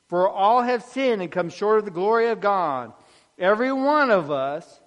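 A man preaching an earnest sermon, dropping soft on key phrases. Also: sits high, in a large hall.

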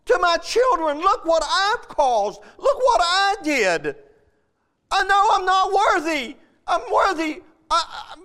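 A man's voice: extremely high pitch, sharp tone, pitched above the performer's own voice, full character voice. A preacher acting out a desperate male servant who begs for mercy, pleading and repeating himself as he weeps. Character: desperate male debtor servant begging, weeping.

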